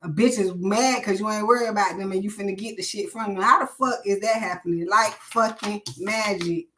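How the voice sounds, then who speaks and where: A woman's voice: mid-range voice, a little fast, fairly bright tone, slight background noise. A woman hosting a live stream, ranting bluntly and preachily with lots of swearing.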